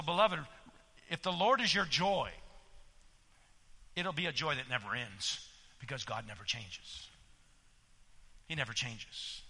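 A male pastor preaching a sermon in a church, exhorting his listeners and swinging between loud emphasis and hushed asides. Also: high voice. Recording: long reverb of a church hall.

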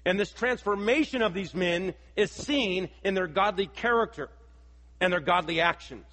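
Guy preaching, bit higher voice, husky, lots of repeating for emphasis, long echo like a big church. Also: animated, normal speed, fairly bright tone. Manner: preaching with rhetorical questions and emphatic repetition. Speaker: pastor. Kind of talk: sermon.

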